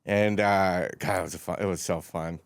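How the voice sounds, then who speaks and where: A man's voice: deep voice, fairly even intonation, normal speed, clean tone, dry recording. A man from California, a comedian guest in a casual interview, rambling and searching for words. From San Francisco Bay Area.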